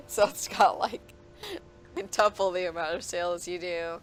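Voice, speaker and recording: A woman's voice: lowish voice, fairly even intonation, slow pace, faint music behind. Laid-back, teasing woman game master. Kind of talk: narrating a tabletop game.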